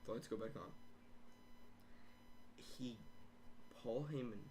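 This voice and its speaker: A young man hosting from his bedroom speaks slowly at a medium pitch, with slight background noise. Excitable and swearing, he jokes casually and acts out wrestling matches with loud chanting.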